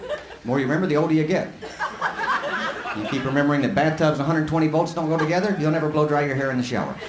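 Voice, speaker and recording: A man's voice: a little high, fast, roomy sound, a crowd in the background. A man from Lubbock doing a live stand-up set, folksy and rambling as he tells stories. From Lubbock, Texas. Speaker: stand-up comic. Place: comedy club stage. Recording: live club with loud laughing audience.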